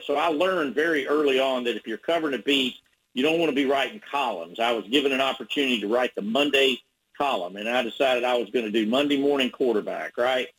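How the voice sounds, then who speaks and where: Man, husky voice, sports reporter, rambling radio story. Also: medium pitch, quick pace, a bit bright, poor audio. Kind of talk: radio interview guest.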